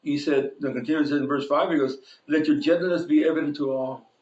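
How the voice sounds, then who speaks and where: A man's voice: a little high, fairly even intonation, brisk, a little mellow, highs cut off. A man preaching a sermon, telling funny stories about himself and chuckling as he goes. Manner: joking, chuckles at his own stories. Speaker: pastor. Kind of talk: sermon with personal anecdotes. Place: church sanctuary. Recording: echoey church room.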